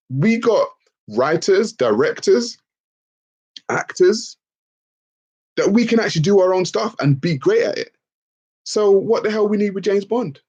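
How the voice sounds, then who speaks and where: A man's voice: medium pitch, darkish tone, husky, dull audio. A man hosting a livestream Q&A, ranting emphatically and swearing freely as he answers the chat. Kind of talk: livestream Q&A rant.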